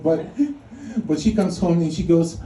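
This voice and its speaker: A man's voice: fairly high pitch, steady tone, a little slow, dark tone. A man from Poland doing a stand-up set, wry and self-mocking with crude punchlines. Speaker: stand-up comedian. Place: comedy club stage. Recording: echoey club, mic at a distance, noisy. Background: audience laughter.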